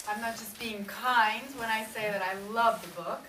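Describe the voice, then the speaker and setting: A woman in the audience of a literary event, hesitantly asking the author a question with ums and pauses. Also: a little high, fairly even intonation, a crowd in the background. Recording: distant, roomy, noisy hall sound.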